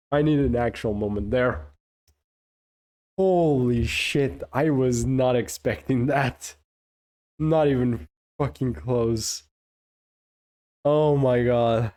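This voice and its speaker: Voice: mid-range voice, a little mellow. A streamer giving live playthrough commentary, swearing often and laughing through the talk.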